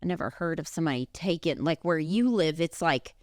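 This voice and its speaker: A woman's voice: low voice, a little fast, dry recording, clean studio sound. A woman co-hosting a podcast, chatting casually and reacting expressively. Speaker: podcast co-host. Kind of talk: casual chat.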